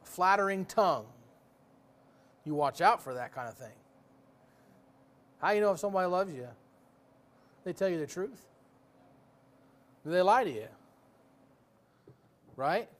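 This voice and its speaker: A man's voice: high-pitched, animated, measured pace, pauses often. A man preaching a sermon in a folksy, joking way, full of rhetorical questions.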